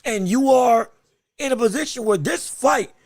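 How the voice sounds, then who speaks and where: A male podcast host giving live watch-along commentary on a fight, excitable and emphatic, shouting encouragement with a strained voice. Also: very high voice, normal speed, no echo, clean studio sound. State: straining his voice.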